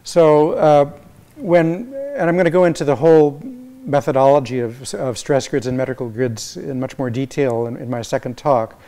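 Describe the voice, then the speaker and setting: A man, a visiting music professor, giving an academic lecture and explaining ideas as he thinks them through, with many halting restarts. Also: on the high side, mellow. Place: lecture hall.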